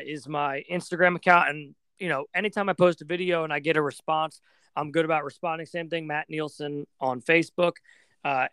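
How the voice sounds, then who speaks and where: Young man, American accent, smooth resonant voice, slightly high, dry sound, casual rambling storytelling. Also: dry recording. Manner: relaxed, rambling, many fillers. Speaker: podcast guest, floorball player.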